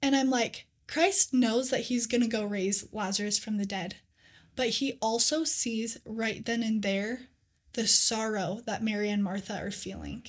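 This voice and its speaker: A young woman co-hosting a faith podcast, telling scripture stories in an earnest, animated casual way with lots of "like.". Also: on the high side, measured pace. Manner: earnest, animated storytelling with many "like"s. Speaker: podcast co-host.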